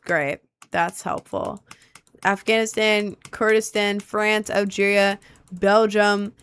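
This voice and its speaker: A woman's voice: medium pitch, little pitch movement, takes it slowly, a bit bright, clear, resonant tone, dry recording. A young woman streaming a map-guessing game, thinking aloud and asking her chat for help in casual gameplay commentary.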